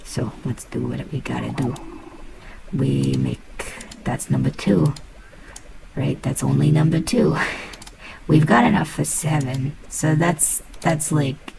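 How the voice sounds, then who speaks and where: Woman, very gravelly, low voice, playful game commentary, mutters to herself, swears, steady hiss behind. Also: takes it slowly. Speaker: gamer. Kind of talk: casual gameplay commentary.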